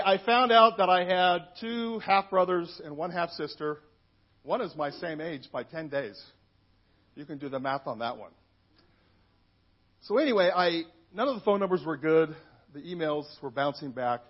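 A man's voice: a little high, breathy edge, highs cut off. A man in his fifties, a minister, telling his own story in a candid, conversational church testimony with plenty of asides. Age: 50s. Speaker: minister giving a personal testimony.

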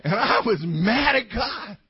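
Husky-voiced man preaching a sermon. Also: very high-pitched, expressive, measured pace. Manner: dramatic swings between loud outbursts and quiet asides. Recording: dull lo-fi sermon recording.

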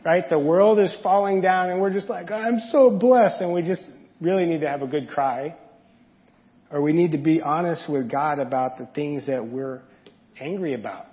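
A man preaches in a plain, conversational way, stopping often to ask the congregation questions. His voice sits a little high for a man. The sound is dull and lo-fi, and it rings with the long reverb of a big church room. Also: fairly even intonation, moderate pace. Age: adult parent. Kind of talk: sermon. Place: church sanctuary.

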